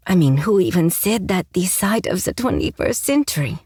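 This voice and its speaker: A woman's voice: fairly low pitch, lively intonation, normal speed, hardly any pauses, darkish tone, breathy edge, no echo. A woman narrating a first-person romance audiobook with a wry, sarcastic tone, on a close mic.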